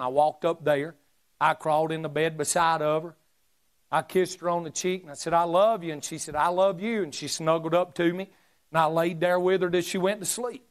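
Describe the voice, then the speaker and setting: Man, pastor, high voice, fervent sermon delivery. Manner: fervent preaching with call-and-response asides.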